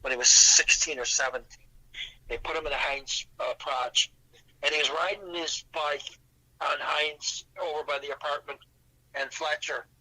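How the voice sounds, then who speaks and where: A man's voice: a little high, fairly even intonation, normal speed, sharp tone, rough recording. An older man, a podcast guest, telling long rambling stories in casual chat, with restarts and fillers.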